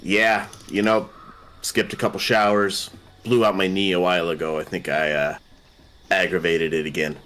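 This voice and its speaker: A man's voice: low voice, little pitch movement, normal speed, fairly bright tone. A man playing a tabletop role-playing game, talking loosely and joking, with fillers as he thinks aloud. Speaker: player. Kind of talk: casual tabletop game chat and in-character talk.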